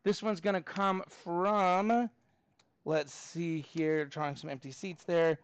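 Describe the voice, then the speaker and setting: A man with a notably high voice leads a live math review, cheerfully counting steps aloud and thinking out loud as he calls on students. The sound is close and dry, with no room echo. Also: fairly even intonation, slow pace, clear, resonant tone. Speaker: math teacher. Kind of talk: live class review lesson.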